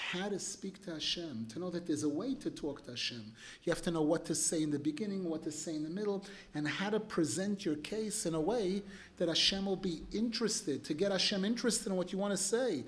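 A man as religious teacher giving an animated storytelling sermon, emphatic and clearing his throat now and then. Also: sits high.

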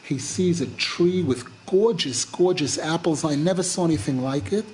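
A man's voice: on the high side, normal speed, a little hiss or hum. A middle-aged man teaching a religious lesson through a retold folk tale, repeating himself and restarting phrases as he goes. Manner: repetitive, animated retelling with many restarts. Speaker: Torah teacher.

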